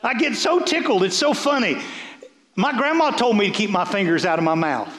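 A man's voice: high voice, expressive, normal speed, fairly bright tone, reverberant. A man, a bishop, preaching a folksy sermon, repeating words as he builds.

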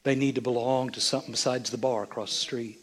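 An older man, a bishop, preaching a sermon with impassioned delivery that swings from hushed, near-whispered moments to loud, emphatic lines. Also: mid-range voice, steady tone, quick pace.

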